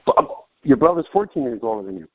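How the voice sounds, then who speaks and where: A man's voice: medium pitch, sing-song, quick pace, dry recording. A man hosting a podcast, rambling and joking through casual interview chat with many restarts. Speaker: podcast host. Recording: dull lo-fi dry podcast audio.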